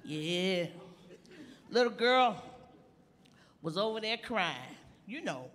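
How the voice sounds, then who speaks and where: An actress playing an elderly woman stand-up comic, telling folksy jokes with slow, sly punchlines on a theater stage. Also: medium pitch, sing-song, a bit bright. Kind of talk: live stand-up comedy routine in a play. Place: theater stage before an audience. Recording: long hall reverb of a live theater.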